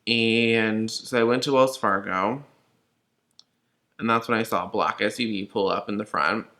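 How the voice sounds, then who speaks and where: Young man, from California, low-pitched, tense bright tone, swearing, rambling storytime. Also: steady tone, a little slow. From Los Angeles. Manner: profane, rambling, many fillers. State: shaken and upset. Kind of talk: casual storytime vlog.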